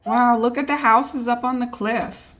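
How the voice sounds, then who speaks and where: A woman's voice: on the high side, fairly even intonation, measured pace, a bit bright, a little hiss or hum. Chatty woman teasing her game characters. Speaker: gaming streamer. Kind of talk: casual let's play commentary.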